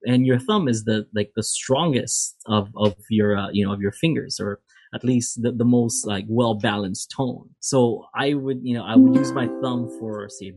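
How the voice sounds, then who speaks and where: Rambling male music teacher. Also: medium pitch. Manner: rambling, many fillers and restarts. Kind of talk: casual instrument lesson.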